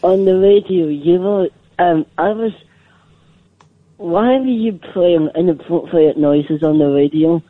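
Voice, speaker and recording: Scottish male caller, high voice, hesitant; tinny phone line. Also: dry recording. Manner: hesitant, halting.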